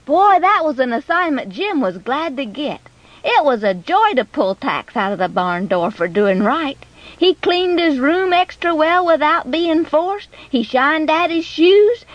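A woman narrating a scripted children's story in an expressive, animated way. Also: sits high, measured pace, dry recording, dull audio.

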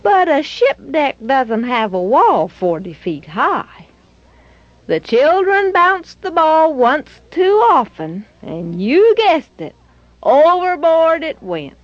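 A woman narrating a children's story in a lively, expressive way. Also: sits high, slow pace, no echo. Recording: dull, dry lo-fi recording.

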